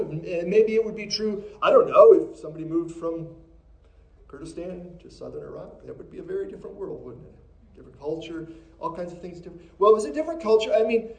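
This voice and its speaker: A middle-aged man from Minnesota preaching a sermon as pastor, moving from quiet, intimate passages to raised, emphatic ones. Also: high-pitched, echoey room, rough recording. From Minnesota, USA.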